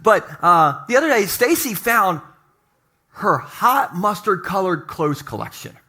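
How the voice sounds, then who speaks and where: His voice is high and sharp, sing-song and a little slow. The middle-aged pastor preaches a lighthearted, conversational sermon in a church, cracking jokes and talking with his congregation.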